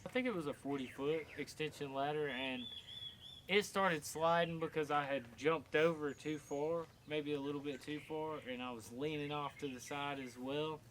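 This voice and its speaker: A tower climber, telling stories in a casual, profane, animated way. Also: male voice, on the high side, normal speed, slight background noise. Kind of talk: casual storytelling.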